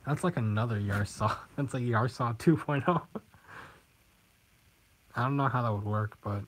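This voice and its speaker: A man's voice: medium pitch, normal speed, a bit bright, poor audio. Giggly rambling teen boy streamer. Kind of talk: casual live-stream chat reading comments.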